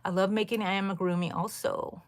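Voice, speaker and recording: A woman's voice: mid-range voice, fairly even intonation, fairly quick. A middle-aged woman hosting a casual crochet live stream, chatting, reading viewer comments aloud and laughing often. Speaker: crochet livestream host.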